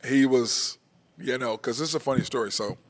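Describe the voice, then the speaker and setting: A man's voice: medium pitch, fairly quick. A man hosting a casual talk show, telling stories and laughing often. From Oklahoma. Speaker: host. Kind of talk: casual chat.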